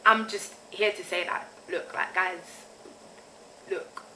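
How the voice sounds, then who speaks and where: Very bright-voiced young woman. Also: lowish voice, steady tone, slow, slight background noise, low-quality recording. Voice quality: candid, slangy, keeps asking "you get me". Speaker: vlogger. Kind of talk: confessional vlog. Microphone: camera mic, self-filmed.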